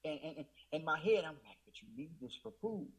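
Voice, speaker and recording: Husky-voiced man giving an emotional testimony. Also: on the high side, animated, a little fast, poor audio. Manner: emotional, repeats "I said", Southern US Black church speech. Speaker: guest. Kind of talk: testimony storytelling.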